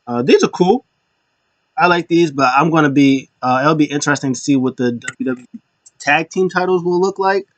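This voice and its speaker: A man's voice: a little high, animated, moderate pace, no echo, highs cut off. Casual rambling man, dry sound. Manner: rambling, with restarts and chuckles. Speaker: wrestling show commentator. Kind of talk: casual recap chat.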